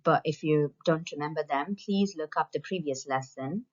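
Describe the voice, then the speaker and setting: In a plain home recording with dull, lo-fi sound, a low-voiced woman who teaches French delivers a lesson to school pupils. She says every phrase slowly, then says it again for them to copy.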